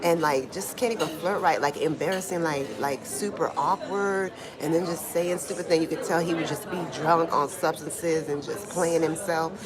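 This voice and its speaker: A woman giving casual live-stream commentary from home in Brazil, talking in a slangy, animated way and answering chat comments, with a small clip-on mic. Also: low-pitched, normal speed, few pauses, a crowd in the background. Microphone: small clip-on microphone being tested. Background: Brazilian music playing.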